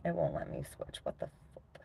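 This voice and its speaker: A woman's voice: a little fast, warm tone, slight background noise. A woman casually chatting with viewers on a livestream, rambling loosely and swearing often while reading out comments.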